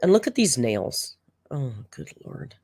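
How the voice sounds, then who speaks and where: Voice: mid-range voice, sing-song, measured pace, darkish tone, dry recording. A speaker giving casual reaction commentary on an old clip, sarcastic and exasperated. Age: older than the clip's audience.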